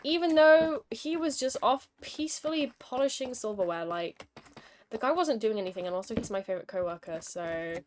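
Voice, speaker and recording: A woman's voice: fairly high pitch, animated, brisk, slight background noise. A young woman streaming a game, chatting casually and telling an exasperated, wry story between moves. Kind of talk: casual gaming commentary with storytelling.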